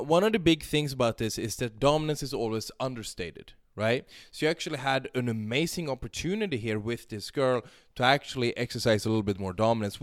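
On a podcast, a male sex and dating coach with a mid-range voice explains things in a loose, talkative way, acting out sample dialogue and frequently checking in with "right?". The studio sound is clean, with no room sound.

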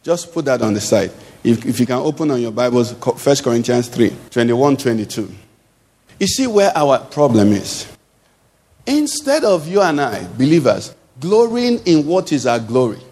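A man's voice: a little high, darkish tone, big-room sound. A male pastor preaching a sermon to his congregation, emphatic, throwing questions out for the crowd to answer. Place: church hall.

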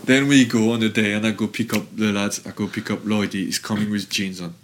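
A man's voice: lowish voice, fairly quick, a little hiss or hum. A man, a former footballer, guest on a podcast, telling long rambling anecdotes with lots of fillers. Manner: rambling, filler-heavy, animated storytelling.

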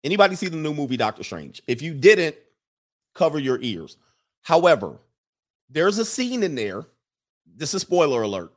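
A man hosting a live stream, giving a casual commentary monologue in an animated, preachy way and repeating his lines for emphasis. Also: a little high, moderate pace, long pauses. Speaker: live-stream host reading viewer comments.

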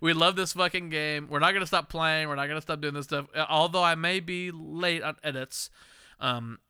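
Man, podcast host, tipsy, tired, rambling, bright ringing voice. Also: a little high, steady tone, normal speed, clean tone. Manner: rambling, emphatic, laughing, cursing. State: tipsy and tired late at night. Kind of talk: casual drunk podcast chat.

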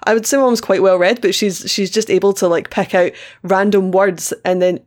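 A woman's voice: mid-range voice, steady tone, brisk, a little mellow. A woman with a Scottish accent, chatting as a podcast guest in a bubbly, enthusiastic way and repeating words she likes. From Scotland. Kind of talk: casual chat.

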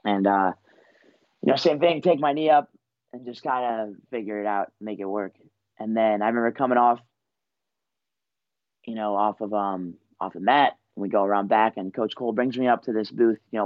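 A man's voice: fairly low pitch, no room sound, dull audio. A young man in his twenties, a wrestler being interviewed, telling his story in a laid-back, rambling way full of fillers. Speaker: wrestler guest.

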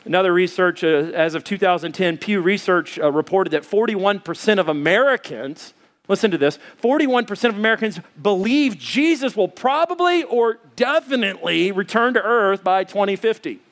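A man in his thirties preaching a sermon as pastor, telling stories with lively voices for the people in them. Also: high-pitched, normal speed. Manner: animated storytelling, acts out voices of others. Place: church auditorium with audience.

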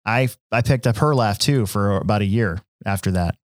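A man's voice: lowish voice, normal speed, no echo, studio quality. A man from Nebraska hosting a podcast, telling stories in a rambling casual way with lots of fillers and restarts. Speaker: podcast host. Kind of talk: casual chat.

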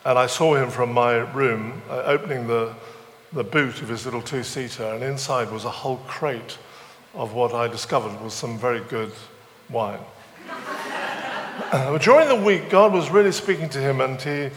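A man's voice: mid-range voice, moderate pace, a bit bright, big-room sound, a little hiss or hum. A man preaching a sermon, mixing scripture with humorous stories and self-deprecating asides. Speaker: visiting preacher. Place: church weekend away venue, large room.

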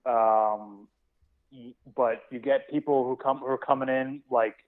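A man's voice: mid-range voice, steady tone, measured pace. A man telling rambling, laid-back stories in a casual podcast chat, often restarting his words. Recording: tinny phone-like line.

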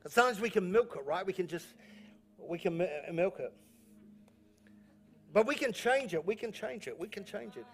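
A man's voice: high-pitched, animated, normal speed, pauses often, slight background noise. A male pastor preaching a sermon in church, repeating key phrases with emphasis and telling jokey stories. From New Zealand. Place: church auditorium.

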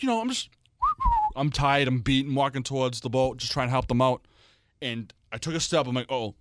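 A young man, co-hosting a casual podcast and telling stories in an animated way, jumping up into high voices for quotes. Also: dry recording, studio quality. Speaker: podcast co-host. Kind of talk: casual chat.

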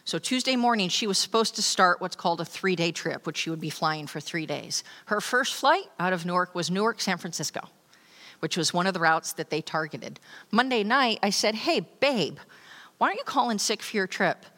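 A woman from New York giving a personal testimony to an audience, telling her story with lively storytelling. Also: lowish voice, normal speed, long reverb tail. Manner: animated storytelling, acting out quoted voices. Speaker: speaker sharing a testimony.

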